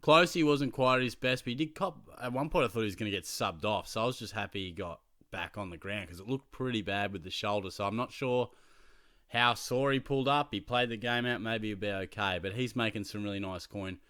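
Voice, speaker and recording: A chatty Australian man with a lowish voice tells animated stories and talks through his fantasy football team. He laughs often and keeps it casual. The recording is close and dry. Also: a little fast, no echo. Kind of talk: casual chat.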